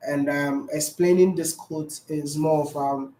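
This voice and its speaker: A man's voice: a little high, steady tone, unhurried, mellow. A man chatting casually as a vlogger, answering viewer questions, laughing often and repeating his phrases. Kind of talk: casual chat. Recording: roomy echo.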